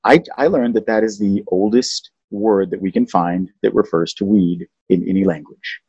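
A low-voiced man with a husky edge talks casually, playfully teaching as a show host. The recording is dry and somewhat dull. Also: normal speed, a little mellow, dry recording. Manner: playful, teaching, sings out tones. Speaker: podcast host. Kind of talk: casual chat, explaining language.

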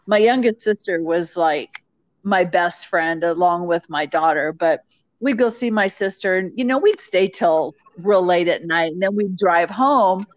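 A woman in casual conversation, telling a story about driving with her daughter in a relaxed, chatty way. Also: fairly low pitch, dry recording. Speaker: grieving mother sharing memories. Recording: slightly muffled, dry recording.

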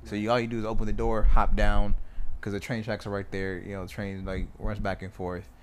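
A man telling a story in casual chat, swearing freely and acting out the quotes loudly. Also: fairly low pitch, a little fast, a little hiss or hum. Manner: animated, swears a lot, acts out quotes loudly.

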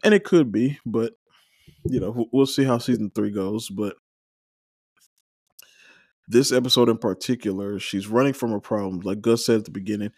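Low-pitched guy chatting through a show recap, opinionated and rambling, dry close sound. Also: normal speed, long pauses, breathy edge, no echo. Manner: conversational, opinionated, rambling with fillers. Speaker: watch-along recap host. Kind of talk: casual solo recap commentary.

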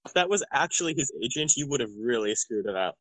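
Deadpan, lively-voiced guest man. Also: medium pitch, quick pace, no room sound. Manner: deadpan, dry teasing. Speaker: podcast guest. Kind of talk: comedic casual chat.

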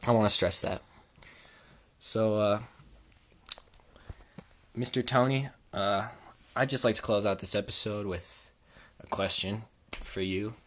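Man, podcast host, deadpan, mock-sincere, lowish voice. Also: slow, pauses often, a little hiss or hum. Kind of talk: improvised comedy podcast.

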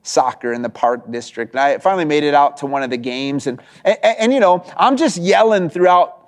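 A man's voice: on the high side, a little fast. A man in his thirties, a pastor giving a sermon in a conversational storytelling way, full of restarts and asides asking "right?".

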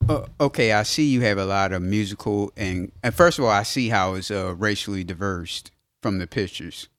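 A man's voice: fairly low pitch, moderate pace, a bit bright. A man hosting a podcast in a studio, asking easygoing, casual questions. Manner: easygoing, asks short questions. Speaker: podcast host. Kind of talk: casual interview.

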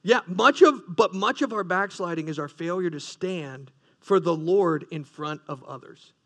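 A man's voice: high-pitched, a little slow, fairly bright tone. A man preaching a sermon, earnest, with rising emphasis and frequent restarts. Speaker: pastor.

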